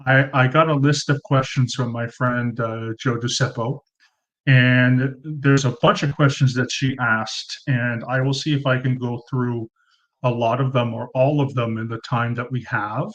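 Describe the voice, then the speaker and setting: A man in his thirties with a mid-range, fairly bright voice hosts a casual live Q&A from a room at home under fluorescent lights. Unhurried and fairly even in intonation, he chats and rambles with many ums and uhs, thanking viewers by name. The cheap desk mic gives a low-quality recording.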